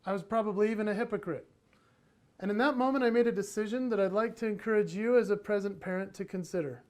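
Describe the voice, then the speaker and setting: A man speaking at a parenting conference, telling animated stories from family life in a motivational talk. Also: sits high, fast talker. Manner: animated, acts out voices in his stories.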